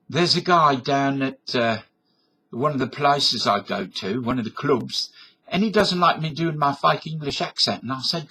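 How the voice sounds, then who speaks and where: A man's voice: mid-range voice, expressive, moderate pace, sharp tone, slightly rough. A middle-aged man from Canada giving a defiant, blustering comic rant to his webcam, tough-talking and profane. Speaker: vlogger. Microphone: webcam microphone.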